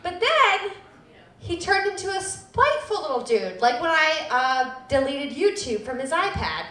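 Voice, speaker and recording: A woman's voice: high-pitched, big pitch swings, measured pace, a bit bright, roomy sound. A woman in her thirties telling a personal story live at a public storytelling event, self-deprecating with laughing asides.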